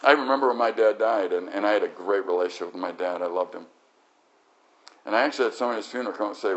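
A man's voice: on the low side, quick pace, long pauses, fairly bright tone, muffled recording. A man preaching a sermon, acting out quoted voices in his talk. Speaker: pastor.

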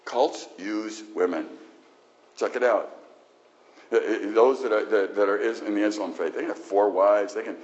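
A man's voice: fairly low pitch, moderate pace, a little mellow, lo-fi sound. A male pastor preaching a sermon in an emphatic, conversational way with frequent restarts.

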